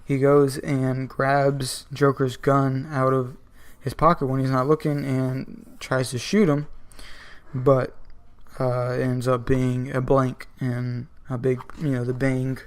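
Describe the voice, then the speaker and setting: Man, mid pitch, casual comics reviewer, rambles with lots of "um" and "like". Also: level tone, takes it slowly, clear, resonant tone. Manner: rambling, filler-heavy. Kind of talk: casual video commentary.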